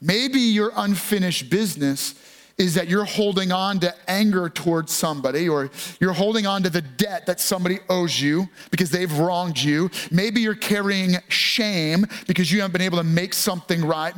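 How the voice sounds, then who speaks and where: In a high-pitched voice, a pastor delivers an earnest, emphatic sermon. Key phrases get extra weight as he slows down on them.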